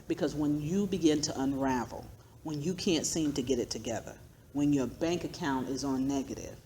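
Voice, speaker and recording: A middle-aged woman giving an earnest personal testimony to a women's group, preacherly and quick to laugh. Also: sits low, warm tone, slight background noise. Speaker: guest speaker.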